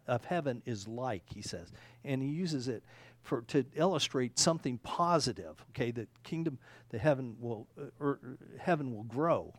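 In a medium-pitched voice with no room sound at all, a pastor rambles through a casual sermon. He keeps fixing his own wording and checks in with listeners by saying "okay?".

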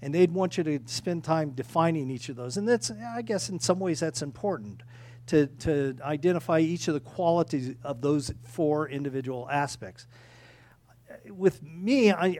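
A man preaching a sermon in a conversational way, halting with restarts and repeating key phrases. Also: a little high, darkish tone, dry recording. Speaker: pastor.

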